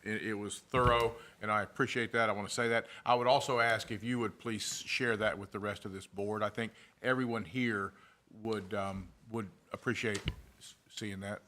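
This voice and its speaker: A man's voice: fairly low pitch, steady tone, normal speed, sharp tone, slight background noise. A man on a school board raising a question at a meeting, earnest and with small restarts. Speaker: board member.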